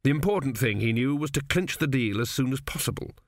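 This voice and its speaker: A man narrating a comic fantasy audiobook in a measured, even storytelling manner. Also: mid-range voice, dry recording, clean studio sound. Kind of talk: scripted narration.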